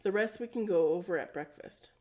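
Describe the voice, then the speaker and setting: A woman's voice: medium pitch, fairly quick, a little mellow, close to an everyday voice. A woman voicing a practical, protective male dwarf coach in a storybook read-aloud, giving firm, level instructions.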